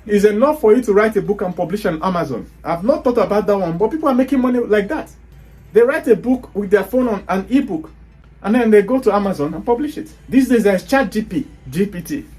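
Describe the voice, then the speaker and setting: A man's voice: high voice, animated, fairly quick, darkish tone. A man with a Nigerian accent giving a blunt motivational talk, scolding his listeners with rhetorical questions. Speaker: online business speaker.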